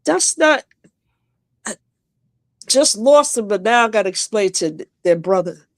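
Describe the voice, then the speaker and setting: Her voice is mid-range and animated as she calls in from home by video, a guest on a live stream telling an emotional story from her own life in halting, restarting bursts. No room sound is audible.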